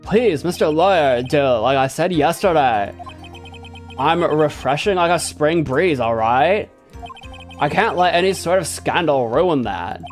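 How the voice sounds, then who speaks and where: A man's voice: on the high side, animated, unhurried, faint music behind. A man voicing a laid-back young male celebrity in a game, talking in breezy dude slang.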